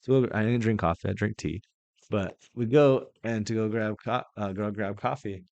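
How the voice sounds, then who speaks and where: Young man, very low voice, dry close sound, rambling candid storytelling, podcast host. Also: normal speed, gravelly, darkish tone, no echo. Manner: rambling, with many restarts and quoted dialogue; candid, swears casually. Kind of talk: casual faith podcast monologue.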